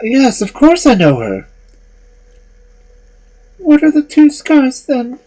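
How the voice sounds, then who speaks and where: A storyteller voicing a frantic, shrill old mother who shrieks in alarm, with a husky edge. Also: wildly swooping pitch, slow, dark tone, heavily acted. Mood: insistent.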